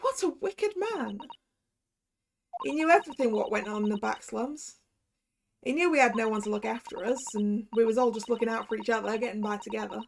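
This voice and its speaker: A woman's voice: on the high side, brisk, gravelly, slight background noise, voice pushed down. A woman voicing a defiant young street girl with a put-on Cockney accent and slangy speech.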